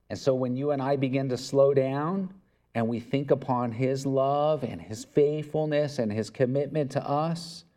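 This is a man preaching a sermon with a warm, mellow voice at an average pitch. He talks to his congregation in an earnest, conversational way. He slips into quoted back-and-forth dialogue. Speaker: pastor.

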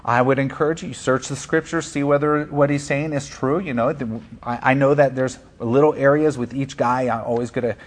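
A man's voice: mid-range voice, fairly even intonation, moderate pace, hardly any pauses. A man preaching to his church, earnest and conversational, with fillers and repeated words. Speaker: pastor. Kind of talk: sermon.

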